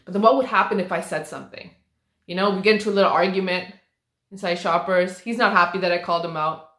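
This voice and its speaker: A woman's voice: fairly low pitch, quick pace, a bit bright. A young adult woman rambling through a casual story as a vlogger, with lots of fillers and swearing. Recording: roomy echo.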